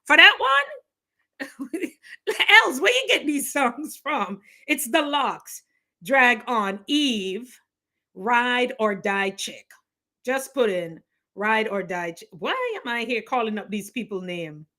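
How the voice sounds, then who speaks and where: A middle-aged woman from the Caribbean chatting casually on a live stream, laughing often and talking with lively energy. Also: on the high side, takes it slowly. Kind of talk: casual chat.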